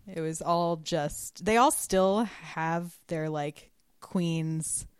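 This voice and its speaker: A woman's voice: sits low, very slow, clear, resonant tone, no echo. A woman who grew up in Florida, a guest chatting casually on a podcast and laughing often. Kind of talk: casual chat.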